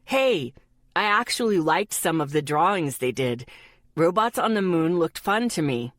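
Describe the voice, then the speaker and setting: A woman's voice: lowish voice, lively intonation, measured pace, no echo, studio quality. A woman reading aloud as a shy, sweet teenage boy who mutters bashfully.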